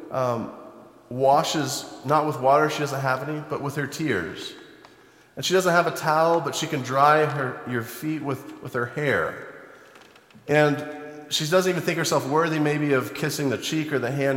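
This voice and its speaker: A man preaching a sermon, retelling a Bible story in a conversational storytelling way and turning animated when he acts out the people in it. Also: mid-range voice, normal speed. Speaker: pastor. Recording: echoey hall, long reverb.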